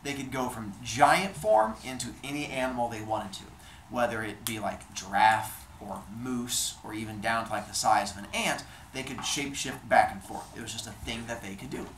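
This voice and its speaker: A man's voice: mid-range voice, normal speed, a bit bright, a little hiss or hum. A man telling Greek myths in a playful, chatty comedic style, recorded in an echoey room. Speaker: storyteller. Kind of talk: casual comedic storytelling of myths.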